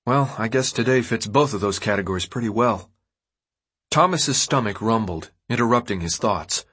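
A man narrating an audiobook in an expressive storytelling manner. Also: on the low side, normal speed, husky. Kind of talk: scripted narration.

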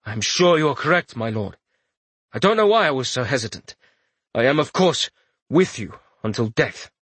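A man voicing a formal male guard captain, measured and respectful. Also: mid-range voice, very animated, fairly bright tone, husky, no echo.

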